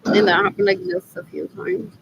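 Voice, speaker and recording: A woman's voice: mid-range voice, very animated, moderate pace, creaky, background noise. A woman in a rambling, scornful spoken monologue who keeps asking "what else?" and switches between English and Spanish. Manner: disgusted, scornful.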